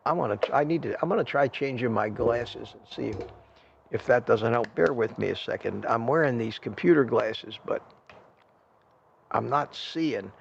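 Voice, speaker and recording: A man's voice: mid-range voice, moderate pace, creaky, highs cut off, a little hiss or hum. An older man hosting a casual livestream, reading the chat aloud and thanking viewers in a rambling, friendly way. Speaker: livestream host. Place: home desk at a computer.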